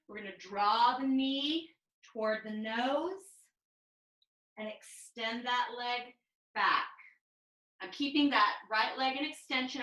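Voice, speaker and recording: A woman leads a mat pilates class over a video call, her voice bright and fairly high. She cues each move and breath in a calm, step-by-step way, and the sound comes through a roomy, echoey space. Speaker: pilates instructor. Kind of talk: cueing a live online mat class.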